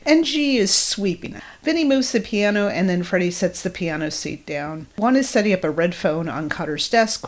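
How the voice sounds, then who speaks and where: A woman podcast host with a lowish voice recaps a sitcom episode, describing each scene in careful detail. She drops in dry, wry asides as she goes.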